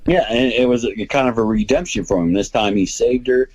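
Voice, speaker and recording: A man guesting on a casual movie chat, relaxed, retelling scenes by quoting characters. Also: medium pitch, a little fast, no room sound, rough recording.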